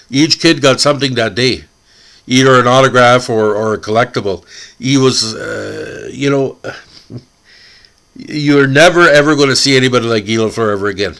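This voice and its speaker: A man from Canada hosting a hockey podcast, emotional and tearful, halting and repeating words as he speaks. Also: medium pitch, fairly bright tone. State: crying.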